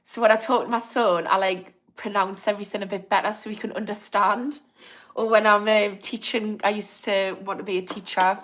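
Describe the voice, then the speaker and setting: A woman's voice: mid-range voice, fairly even intonation, normal speed, a bit bright. A young woman with a Northern English accent, hosting a live stream and chatting casually while reading out viewer comments. She is apologetic and encouraging and laughs easily. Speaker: livestream host.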